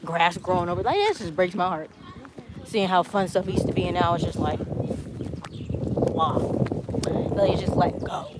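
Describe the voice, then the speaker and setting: A woman's voice: on the low side, expressive, normal speed, long pauses. Chatty woman on a noisy outdoor stream. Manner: chatty, reading viewer comments aloud. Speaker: travel vlog host. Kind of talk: casual live-stream chat while walking. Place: outdoors on a walking tour. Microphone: handheld phone camera. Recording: noisy outdoor phone audio.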